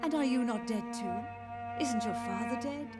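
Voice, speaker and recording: A woman's voice: on the high side, measured pace, over loud music, close to an everyday voice. An actress playing a frail, confused old mother who grieves for her dead children and speaks to them as if alive. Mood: gently deluded. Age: older. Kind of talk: game dialogue.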